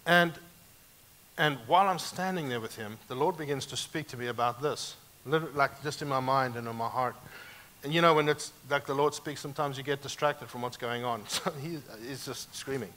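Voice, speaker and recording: A man pastor preaching a sermon, emphatic and animated, moving sharply between loud and quiet passages. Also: mid-range voice, brisk.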